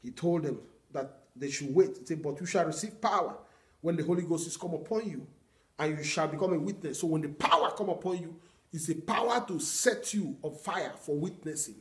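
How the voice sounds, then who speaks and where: A man's voice: fairly high pitch, brisk, fairly bright tone. A man preaching a sermon as pastor, teaching earnestly and repeating key phrases.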